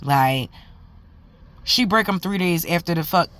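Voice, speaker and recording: A woman's voice: fairly low pitch, lively intonation, unhurried, a bit bright. A mother telling a story to camera in a casual, heated and profane way, talking in emphatic run-on bursts.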